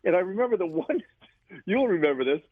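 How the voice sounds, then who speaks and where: A man co-hosting a radio golf show, chatting in a relaxed way, asking questions and sometimes searching for words, heard over a tinny phone line. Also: high voice, a little fast, breathy edge, no room sound. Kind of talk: casual radio show chat.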